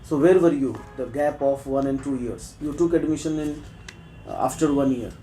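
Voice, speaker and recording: A man's voice: medium pitch, normal speed, dark tone, roomy sound, soft background music, poor audio. A man from Bihar with an Indian accent, conducting a mock job interview and pressing the candidate with challenging questions.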